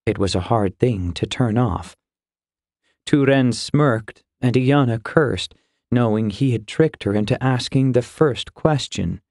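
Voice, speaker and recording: A man reading a fantasy novel aloud in a steady, measured storytelling voice. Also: mid-range voice, creaky, dry recording, studio quality. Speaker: audiobook narrator. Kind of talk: scripted fantasy narration.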